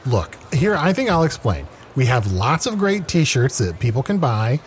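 A man co-hosting an improvised comedy podcast, explaining things patiently in animated banter. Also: medium pitch, moderate pace, a little hiss or hum. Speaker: podcast co-host.

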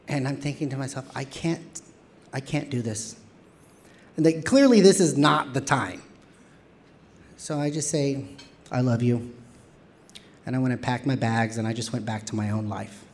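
Man telling a wry personal story. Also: mid-range voice. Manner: candid, wry, animated with quoted voices.

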